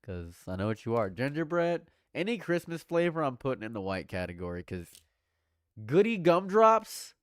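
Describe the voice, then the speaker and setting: A young man doing live reaction commentary, jumping between loud exclamations and low repeated mutters while bantering with his chat. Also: sing-song, fairly quick, hardly any pauses, clean tone, no room sound, studio quality. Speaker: livestream commentator.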